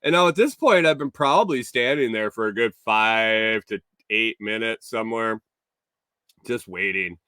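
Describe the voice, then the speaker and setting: Bright, crisp-voiced man rambling a story. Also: on the low side, moderate pace, no echo, clean studio sound. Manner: rambling, chuckling, self-correcting. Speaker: morning show host. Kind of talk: casual storytelling to a live chat.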